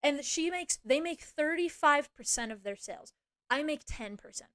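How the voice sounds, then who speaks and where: Ranting woman streamer, higher voice. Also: expressive, moderate pace, a bit bright. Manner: profane, ranting, lots of fillers and restarts. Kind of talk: casual venting chat.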